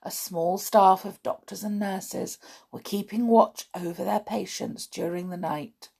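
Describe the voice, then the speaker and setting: A woman reading a children's book aloud in an expressive, dramatic way. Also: mid-range voice, unhurried, creaky, slightly rough. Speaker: storyteller.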